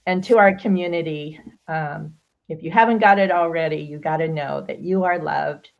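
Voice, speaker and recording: Woman host, low voice, affirming, sensitive, muffled lo-fi call audio. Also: moderate pace, creaky. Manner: affirming, sensitive, gently emotional. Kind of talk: casual heartfelt talk-show chat.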